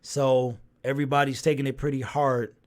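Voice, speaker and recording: A man's voice: mid-range voice, flat delivery, moderate pace. A man hosting a casual sports talk livestream, reacting to viewers' chat and reading comments aloud with lots of fillers and repeats.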